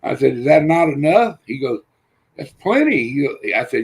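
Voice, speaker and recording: An older man on a livestream panel, telling rough, profane stories and acting out the voices in them. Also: on the high side, sing-song, moderate pace. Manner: rough-spoken, swears freely, acts out quotes. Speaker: panel guest. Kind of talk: casual storytelling on a livestream panel.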